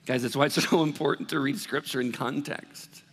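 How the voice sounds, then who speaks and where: A man preaching a sermon as pastor, talking in a conversational, animated way and acting out worried voices. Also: mid-range voice, moderate pace, breathy edge. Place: church hall. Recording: long reverb of a large hall.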